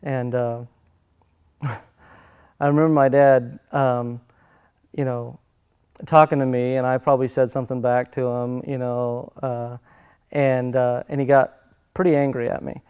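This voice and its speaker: Middle-aged man, smooth resonant voice, soft-spoken and halting, personal storytelling. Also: mid-range voice, little pitch movement. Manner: halting, many fillers and restarts, soft-spoken. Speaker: son telling family stories.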